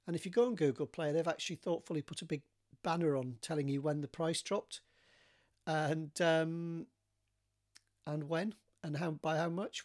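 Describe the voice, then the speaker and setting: A man's voice: on the high side, darkish tone. A man, an author, talking casually to his readers, with frequent ums and restarts. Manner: hesitant, many ums and restarts. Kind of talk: casual solo chat.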